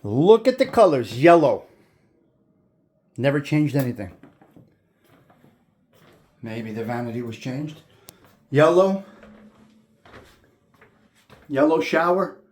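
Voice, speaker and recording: A man with a mid-range, slightly mellow voice speaks slowly and very animatedly, pausing at length. As host of a walking tour through the rooms of an old house, he addresses viewers with admiration and repeats what he says.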